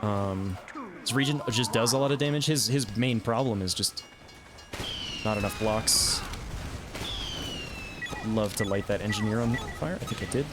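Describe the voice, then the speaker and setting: A man streaming a video game, chatting casually about his plays with self-amused asides and quick reactions. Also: fairly low pitch. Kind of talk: casual gameplay commentary.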